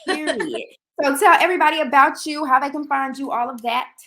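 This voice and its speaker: Chatty young female host, bright and a little high, casual interview energy. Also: fast talker. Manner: lively, chatty and animated.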